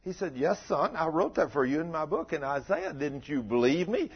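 An older man preaches in a folksy, storytelling way, often turning to his listeners with questions. His voice is husky and swings widely in pitch. The recording sounds muffled and lo-fi. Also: sing-song, normal speed. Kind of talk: folksy sermon.

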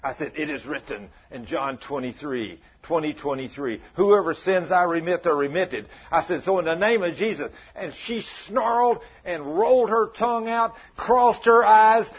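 A man, a pastor telling a folksy, animated story in a sermon, on a dull lo-fi recording. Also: a little high, normal speed, hardly any pauses, husky.

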